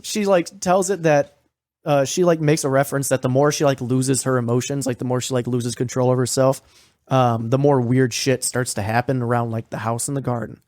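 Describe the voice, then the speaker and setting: Man, podcast co-host, casual recap, profane, rambling, mid pitch, dry close sound. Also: steady tone, fairly quick, darkish tone, no room sound. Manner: profane, rambling, filler-heavy.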